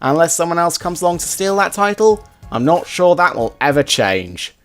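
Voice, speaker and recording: A man narrates a scripted commentary video with chatty enthusiasm. His pitch rises and falls in an animated way. The tone is casual and upbeat. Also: moderate pace, soft background music. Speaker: video host.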